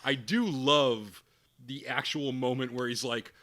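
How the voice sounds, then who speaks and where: A man hosting a movie podcast in casual chat, acting out film dialogue in quick, mocking voices as he talks. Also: mid-range voice, steady tone, fairly bright tone. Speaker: podcast host.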